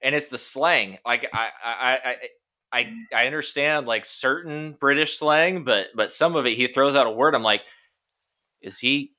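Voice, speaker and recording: A man's voice: medium pitch, normal speed, bright, forceful tone. A man co-hosting a podcast, wry and chatty, often stumbling over repeated words. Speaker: podcast co-host. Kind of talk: casual podcast chat.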